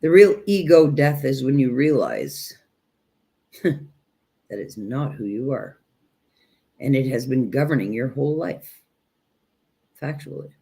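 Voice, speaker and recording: A woman teaching self-growth in a direct spiritual talk, speaking emphatically and deliberately and addressing listeners as "you guys". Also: a bass voice, animated, creaky, warm tone.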